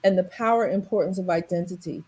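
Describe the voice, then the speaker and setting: A woman's voice: fairly low pitch, fast, darkish tone, husky. An American woman who works in leadership development, speaking thoughtfully and emphatically on a video call. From United States. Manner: thoughtful, emphatic, repeats for stress. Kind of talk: casual online panel chat.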